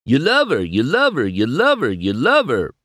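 A man's voice: mid-range voice, huge pitch swings, slow pace, a bit bright, no echo, studio quality, voice pushed up, exaggerated voice. A man reading a storybook aloud, voicing a goofy, boastful country tow truck who teases in a folksy, sing-song drawl. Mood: teasing.

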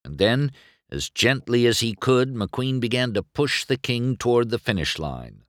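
A man reading a storybook aloud as narrator in an expressive storytelling manner. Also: medium pitch, measured pace, no room sound, clean studio sound.

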